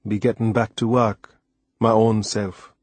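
Man doing a soft-spoken old man. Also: on the low side, level tone, measured pace, dry recording. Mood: gentle. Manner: soft, gentle, plain-spoken. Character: patient, stubborn old Caribbean man.

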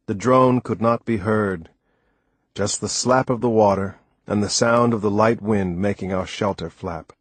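A man reading a book aloud as narrator, in a measured, plain storytelling manner. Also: lowish voice, breathy edge, no room sound. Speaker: audiobook narrator. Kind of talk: scripted narration.

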